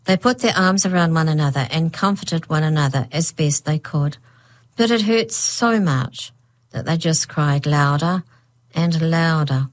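A woman's voice: low-pitched, measured pace. A woman narrating a children's storybook aloud. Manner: reads with voiced characters. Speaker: audiobook narrator.

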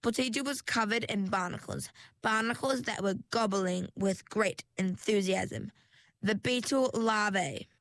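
Woman storyteller, slow measured storybook narration, dry close sound. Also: medium pitch, no echo. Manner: measured, expressive reading.

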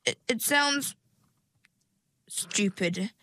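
A woman voicing a timid, polite young mergirl in a storybook, hesitant and halting. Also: fairly high pitch, expressive, sharp tone, no echo, exaggerated voice. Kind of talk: storybook reading.

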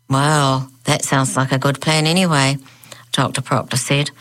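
A woman reading a children's story aloud, gently voicing its characters. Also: a bass voice, flat delivery, a little slow. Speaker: narrator. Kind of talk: audiobook narration.

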